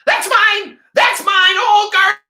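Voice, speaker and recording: A man voicing a frantic old junkman who yells in a shrill, high voice at a dog. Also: takes it slowly, echoey room, distant mic, full character voice. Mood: furious shouting. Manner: shrieking, high-pitched yelling. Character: frantic shrill old junkman, self-proclaimed garbage king.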